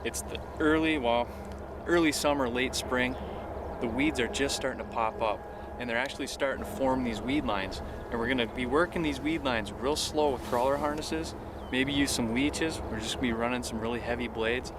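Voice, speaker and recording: A man hosting a fishing show from his boat outdoors, narrating with excitable, folksy exclamations. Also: medium pitch, normal speed, background noise. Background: background music.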